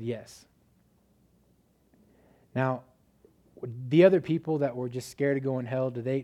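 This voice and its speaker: A man's voice: mid-range voice, darkish tone. A man preaching a sermon in a casual, conversational way, telling a story with many "like" fillers.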